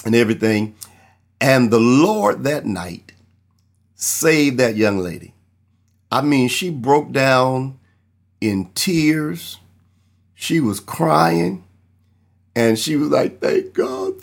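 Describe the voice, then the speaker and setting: Guy preaching, telling a story from his own life, earnest, kinda gravelly voice. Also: medium pitch. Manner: earnest, storytelling, acts out quoted people. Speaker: pastor. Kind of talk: sermon with personal testimony.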